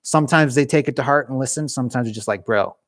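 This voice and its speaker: A man's voice: mid-range voice, racing, fairly bright tone, no room sound, clean studio sound. A young man hosting a casual live stream, chatting animatedly with viewers and often restarting his sentences. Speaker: YouTube gaming channel host.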